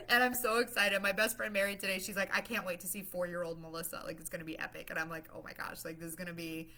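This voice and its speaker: A woman's voice: medium pitch, bright, forceful tone. Bubbly, rambling woman live-streaming. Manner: bubbly, rambling, laughs often. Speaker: livestream host promoting her masterclass. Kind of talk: casual live-stream chat.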